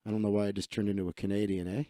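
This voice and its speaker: A man's voice: fairly low pitch, level tone, rapid-fire, dark tone, dry recording. Profane, rambling man at a close mic. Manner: rambling, profane and offhand, laughing at his own asides. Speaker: livestream host. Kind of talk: casual livestream chat, reading his feed aloud.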